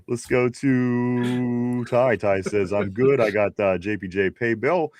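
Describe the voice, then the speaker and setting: A man's voice: mid-range voice, takes it slowly, darkish tone, dry recording, clean studio sound. Laid-back man reading live chat. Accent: Pittsburgh. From Pittsburgh area. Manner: laid-back, laughs often, reads chat messages aloud. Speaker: podcast host. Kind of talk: casual live-stream chat reading viewer comments.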